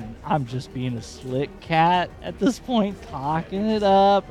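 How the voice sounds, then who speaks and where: A man hosting a podcast, telling a personal story in a rambling, animated, profane way. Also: fairly high pitch, moderate pace, faint music behind. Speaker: podcast host.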